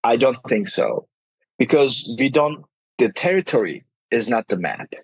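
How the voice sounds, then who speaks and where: Man, podcast guest, husky voice, mid pitch, earnest, emphatic. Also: very animated, a little slow, dry recording, rough recording. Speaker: game studio CEO, podcast guest. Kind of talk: casual podcast interview.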